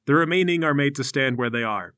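A man narrating a tabletop game as game master, with lively descriptive storytelling. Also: medium pitch, fast talker, smooth.

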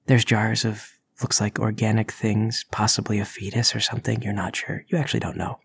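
A man narrating as game master in a tabletop game, telling the story steadily with soft asides. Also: fairly low pitch, flat delivery, brisk, vocal fry, few pauses, husky.

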